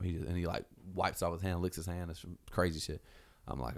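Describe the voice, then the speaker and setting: Deep gravelly dude telling a bar fight story, cussing, doing everyone's voices. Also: male voice, fast. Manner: animated, swearing, acts out quotes in raised voices. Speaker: storyteller guest. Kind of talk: casual storytelling.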